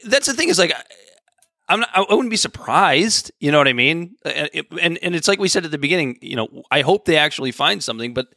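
A man co-hosting a casual political podcast, talking in a halting way with many restarts and fillers. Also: on the high side, sing-song, gravelly, pushed and bright, no echo, studio quality. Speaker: podcast co-host.

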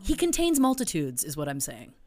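A woman co-hosting a podcast, telling stories in a lively way with playful asides. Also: low voice, brisk. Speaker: podcast co-host. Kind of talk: casual chat.

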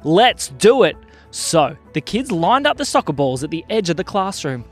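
Man storyteller, kids' podcast, high and animated, soft music bed. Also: normal speed. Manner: lively, playful storytelling. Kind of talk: children's story narration.

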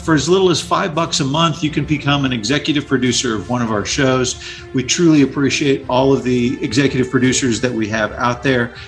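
A man with a mid-range voice hosts a podcast in a casual, excitable way. He speaks straight to the listeners and keeps the talk moving. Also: medium pitch, a little fast, faint music behind. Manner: excitable, animated, addresses listeners directly. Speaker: podcast host.

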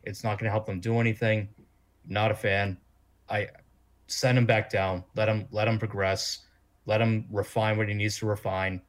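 A man co-hosting a sports podcast, ranting bluntly in a casual, repetitive way. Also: fairly low pitch. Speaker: podcast co-host.

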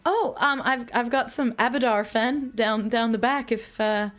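A glamorous alien bartender purrs sweet pet names at her regulars, voiced by a woman. She pitches her voice up and stretches some words slowly. A soft music bed hums beneath her. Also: lightly acted. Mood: flirtatious. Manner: sweet, teasing, calls people darling.

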